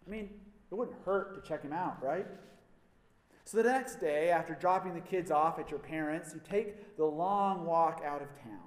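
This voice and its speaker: Man, pastor, conversational sermon, wry humor, roomy hall with long echo. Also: fairly high pitch. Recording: echoey hall reverb.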